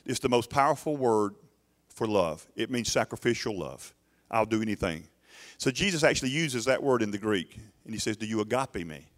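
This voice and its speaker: A man's voice: fairly low pitch, lively intonation, moderate pace, few pauses. A middle-aged man preaching a sermon in a church, emphatic and urging, often restarting his words. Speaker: pastor.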